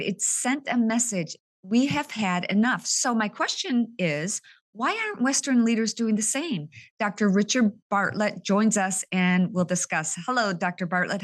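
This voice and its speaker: A woman hosting a conversational interview, earnest and openly emotional, speaking with indignation. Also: mid-range voice. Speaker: podcast host.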